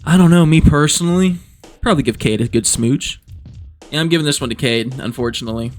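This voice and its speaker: A man's voice: fairly high pitch, quick pace, faint music behind. A man doing joking casual commentary as a vlogger, rambling, profane and amused at himself.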